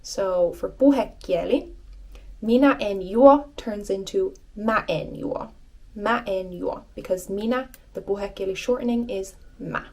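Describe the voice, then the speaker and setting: A woman teaches an online language lesson in an unhurried, deliberate rhythm. She repeats each phrase carefully, patient and encouraging, at a mid-range pitch. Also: a little mellow.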